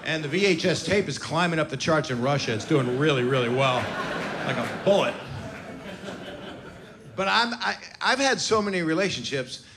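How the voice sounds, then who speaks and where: A man's voice: a little high, expressive, moderate pace, long pauses. A man in his sixties doing a stand-up comedy set, brash and self-mocking with crude punchlines, recorded live in a comedy venue. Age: 60s. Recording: live club recording with crowd noise. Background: audience laughter and cheering.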